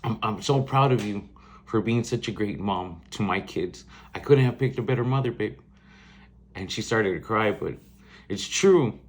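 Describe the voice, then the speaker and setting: A man's voice: fairly low pitch, moderate pace. A man in his forties hosting a podcast, telling family stories in a rambling, blunt way, swearing freely and laughing mid-story. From South Texas. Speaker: podcast host. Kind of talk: casual storytelling monologue.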